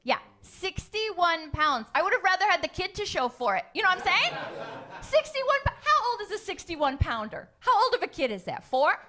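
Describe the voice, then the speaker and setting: A woman's voice: very high-pitched, big pitch swings, normal speed, pushed and bright. A young woman doing a stand-up comedy set, sarcastic and teasing the crowd with punchy delivery. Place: comedy club stage.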